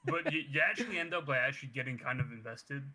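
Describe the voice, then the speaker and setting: A man's voice: mid-range voice, quick pace, crowd noise. A man, a guest on a casual show, laughing along and adding details to a movie retelling. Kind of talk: casual chat.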